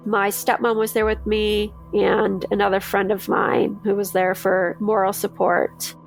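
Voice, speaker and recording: A woman's voice: mid-range voice, level tone, a little slow, creaky, faint music behind. A woman, a mother, telling her own story in a podcast, candid and emotional, acting out the lines of the people she talks about. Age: adult, mother of a daughter. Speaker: interviewee recounting her experience. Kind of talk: personal testimony in a true-crime podcast.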